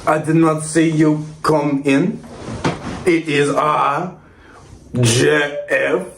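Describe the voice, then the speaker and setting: A man's voice: a little high, fairly even intonation, extremely slow, vocal fry, slight background noise, full character voice. A man voicing a masked male wrestler on the run, using a stiff, overblown fake French accent. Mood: pompous. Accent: exaggerated fake French accent. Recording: echoey room.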